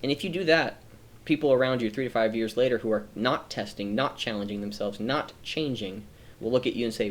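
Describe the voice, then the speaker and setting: A man's voice: medium pitch, brisk, a little hiss or hum. Guy rambling earnestly about life on his stream, keeps restarting sentences, kinda choked up. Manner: earnest, rambling, self-correcting. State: emotional, close to tears. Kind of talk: reflective personal monologue.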